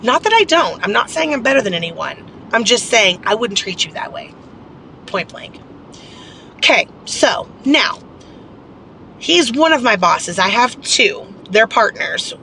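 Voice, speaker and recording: A woman's voice: fairly high pitch, big pitch swings, a little slow, sharp tone, a little hiss or hum. A woman telling a personal story in a casual, candid vlog, rambling and venting with lots of fillers. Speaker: vlogger.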